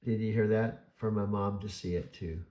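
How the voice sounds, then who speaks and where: A man in his sixties chatting casually with a voice assistant, telling stories excitably and laughing. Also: fairly low pitch, normal speed, echoey room. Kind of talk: casual chat.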